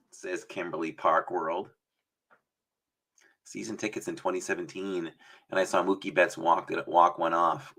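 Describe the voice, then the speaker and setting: Male livestream host, low voice, slow and chatty, bright tone. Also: vocal fry, breathy edge. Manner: chatty, rambling, breaks into announcer voices. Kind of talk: casual livestream chat.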